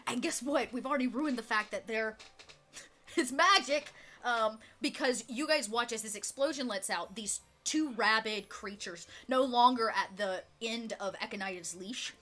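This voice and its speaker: Brief: bright-voiced woman running a tabletop game. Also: on the high side, normal speed, faint music behind. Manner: loose and chatty, with fillers and laughs. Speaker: game master. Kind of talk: narrating a live-streamed tabletop game.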